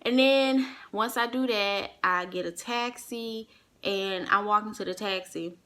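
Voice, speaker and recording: A young woman recounting a personal story straight to her listeners, loose and animated, with a bright, forceful tone. She swears freely, addresses the room directly, and slips into the voices of the people she quotes. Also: mid-range voice, measured pace. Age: young adult. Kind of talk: casual storytelling to an audience.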